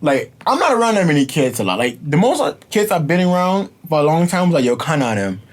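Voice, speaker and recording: Lively, animated male podcast co-host. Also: quick pace. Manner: animated, wide swings in pitch, argues a point. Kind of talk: casual chat.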